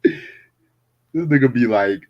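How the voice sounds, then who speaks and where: A man's voice: medium pitch, animated, extremely slow, dull audio. A man hosting a casual livestream chat, laid-back and slangy, laughing often. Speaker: podcast host.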